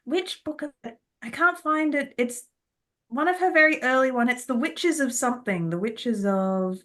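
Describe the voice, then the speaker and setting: Woman podcast co-host, casual and giggly, a touch higher pitched than most. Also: normal speed, fairly bright tone. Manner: chatty, laughing, searching for words. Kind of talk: casual chat.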